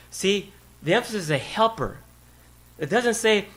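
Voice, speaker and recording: High, bright-voiced preaching pastor. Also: male voice, animated, normal speed. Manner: emphatic, repeats key words, asks the congregation questions. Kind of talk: sermon. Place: church.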